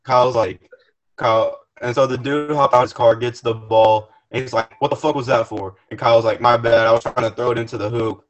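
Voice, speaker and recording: A man's voice: medium pitch, flat delivery, a little fast, lo-fi sound. A young man, a podcast guest, telling a profane, rambling story in casual chat with many restarts. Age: young adult.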